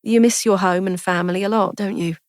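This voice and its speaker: A woman reading a story, voicing a kind, impulsive young woman who speaks in a lively, affectionate way. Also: mid-range voice, brisk, dry recording, clean studio sound, natural voice. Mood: warm.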